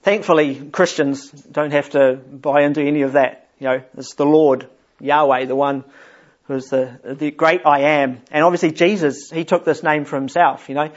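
A man's voice: on the high side, steady tone, normal speed, muffled recording. A man leading an informal Bible study for a group, chatty and often chuckling as he explains a psalm.

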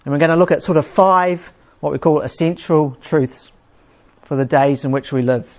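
A man preaching a sermon in a conversational way, restarting phrases often and slowing down to read scripture with emphasis. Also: a little high. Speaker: pastor. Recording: dull lo-fi sound.

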